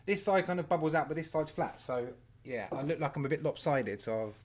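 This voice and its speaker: A man's voice: a little high, animated, fairly quick. Chatty man hosting. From England. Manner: reads out viewer names, chatty and laughing. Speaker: host. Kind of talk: casual live-stream chat.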